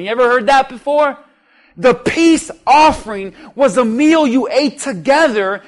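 A pastor preaches a sermon in a very high voice, taking his time over each phrase at a slow, deliberate pace. His delivery is lively and funny, and he frequently calls out to the congregation.

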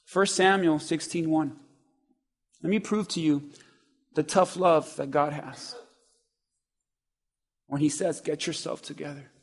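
A man preaching a sermon, speaking to the congregation conversationally and building from quiet asides to loud, urgent passages. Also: fairly high pitch, steady tone, slow pace, long pauses. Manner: conversational, quotes scripture in voices.

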